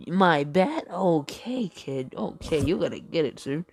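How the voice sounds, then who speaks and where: A woman's voice: low voice, very animated, measured pace, darkish tone, slightly rough, exaggerated voice. A woman voicing a laid-back male pirate captain who talks in an offhand, teasing way. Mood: exasperated.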